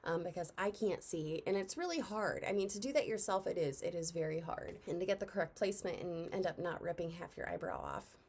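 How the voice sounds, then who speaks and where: A soft-spoken young woman from Indiana, telling a story in a casual, chatty vlog and sounding a little out of breath. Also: fairly low pitch, fairly quick, hardly any pauses, breathy edge. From Indiana, USA. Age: young adult. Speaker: vlogger.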